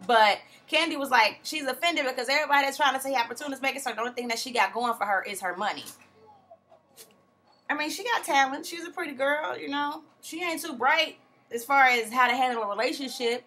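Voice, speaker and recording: A woman's voice: high-pitched, brisk, bright, forceful tone, slight background noise. A woman recapping a reality show from home in a casual, chatty way, full of slang and acted-out quotes. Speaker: TV recap vlogger.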